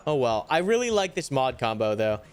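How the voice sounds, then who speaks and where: Narrating his tactical shooter match live, this young YouTuber talks fairly quickly in a mid-range voice. He's lively and easily frustrated, swearing and groaning whenever things go wrong.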